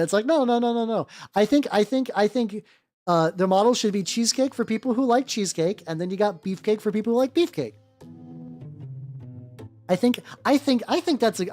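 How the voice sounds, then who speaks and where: With a warm tone at medium pitch, a woman chats casually on a livestream as she paints miniatures. This VTuber streamer rambles, restarts and stumbles often and swears casually, while faint music plays in the background.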